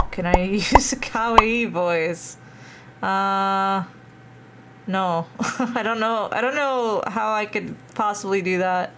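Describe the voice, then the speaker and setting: Young woman streamer, mid-pitched, chatty with her chat, laughs a lot, reads game text aloud. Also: slow, noisy background. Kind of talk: live game stream, reading dialogue aloud.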